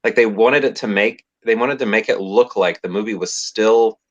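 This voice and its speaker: A man talking as a guest on a casual livestream panel, hesitant and measured. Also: fairly low pitch. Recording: dull lo-fi audio.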